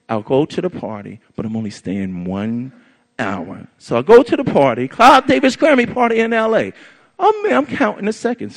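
Animated man telling a story. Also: on the high side. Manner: animated, emphatic, repetitive storytelling. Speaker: storyteller on stage. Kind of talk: personal story told to an audience.

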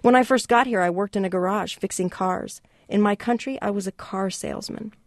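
Reader doing a warm, proud donut shop guy, teasing and chatty, voice pitched up, dry close mic. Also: fairly quick, dry recording, close to an everyday voice. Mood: hospitable. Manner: hospitable, plain-spoken, gently teasing. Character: warm, proud immigrant man who runs a donut shop. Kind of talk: reading a novel aloud.

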